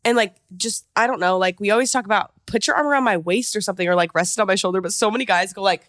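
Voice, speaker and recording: A woman in her twenties co-hosting a casual podcast, giggly and animated, slipping into exaggerated voices when she quotes people. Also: medium pitch, very fast, no echo, studio quality. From Arizona. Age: 20s. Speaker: podcast co-host. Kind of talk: casual chat.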